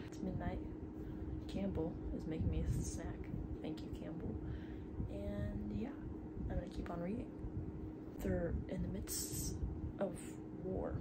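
Young woman, gravelly book vlogger. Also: on the low side, heavy background noise. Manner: chatty, breathless, dips into whispers when anxious. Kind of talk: casual reading vlog. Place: bedroom at night.

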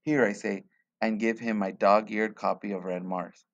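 A man reading a short story aloud in a quiet, measured way. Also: on the low side, flat delivery, vocal fry, dull audio. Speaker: reader.

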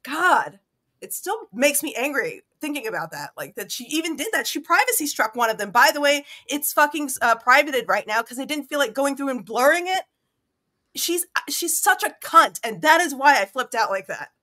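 A woman's voice: high-pitched, big pitch swings, normal speed, pushed and bright. A woman gossiping angrily and profanely in casual stream chat.

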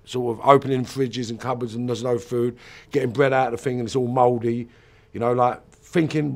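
A man's voice: medium pitch, fairly even intonation, a little fast. A man with a British accent, recounting a hard childhood in an emotional interview. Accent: British English. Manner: emotional, gravelly storytelling.

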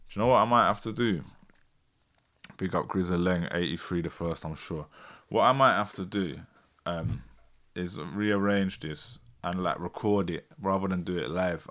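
A man hosts a live stream in a loose, chatty way. His voice sits on the low side, and his talk is full of fillers as he works through technical trouble. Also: moderate pace, a bit bright. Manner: chatty, frustrated with tech glitches. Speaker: host. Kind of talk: casual live stream chat.

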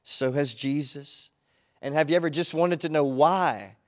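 A male pastor delivering a sermon, his voice sitting a little high for a man. He reads scripture with dramatic, impassioned delivery and presses his listeners with direct questions. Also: unhurried. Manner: impassioned preaching, dramatic scripture reading with rising emotion.

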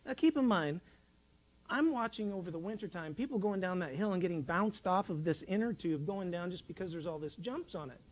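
A man's voice: sits high, expressive, a little fast, low-quality recording. A man preaching in a church, talking in a folksy, rambling way with many restarts as he tells a childhood story. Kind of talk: sermon. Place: church sanctuary.

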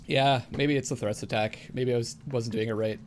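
A woman giving excited gameplay commentary, swearing often, yelping and cheering as she plays. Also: rumbling low, normal speed, noisy background. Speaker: let's play gamer.

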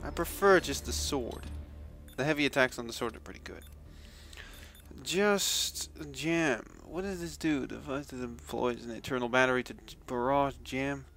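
A man from the Netherlands giving casual commentary while playing a video game, swearing and shouting out loud bursts. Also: medium pitch, normal speed, vocal fry. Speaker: let's play gamer. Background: game music.

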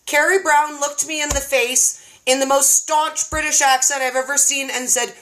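A woman's voice: high voice, steady tone, moderate pace, few pauses, bright, forceful tone. A woman hosting a casual live stream, bubbly and laughing often. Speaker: host.

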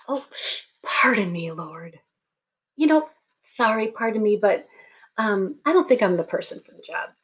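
A woman's voice: medium pitch, expressive, unhurried, pauses often, natural voice. A woman voicing a nervous, reluctant male prophet who hesitates and stammers through his excuses. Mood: pleading.

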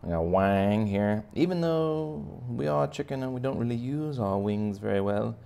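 Gravelly-voiced man teaching kids to draw. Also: medium pitch, expressive, normal speed, dark tone. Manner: playful, chatty, talks to children directly. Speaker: art teacher. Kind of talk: step-by-step drawing lesson for kids.

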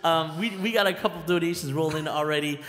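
Excitable man, echoey long-reverb room. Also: a little high, fast. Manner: excitable, rambling, lots of fillers and restarts. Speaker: band leader and live stream host. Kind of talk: casual live stream chat.

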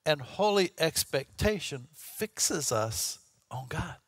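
A man's voice: on the high side, animated, moderate pace, a bit bright, no echo, clean studio sound. A man preaching a sermon in a folksy, conversational way, often checking in with "okay?" and "right?". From Texas. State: clearing his throat, voice catching. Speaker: pastor.

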